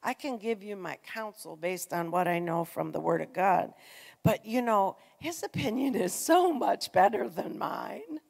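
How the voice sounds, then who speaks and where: Creaky-voiced woman preaching in a hall. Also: mid-range voice, animated, a little slow. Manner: earnest, conversational, swings from loud emphasis to soft near-whispers. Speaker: church speaker. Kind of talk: personal testimony sermon. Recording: long reverb in a large hall.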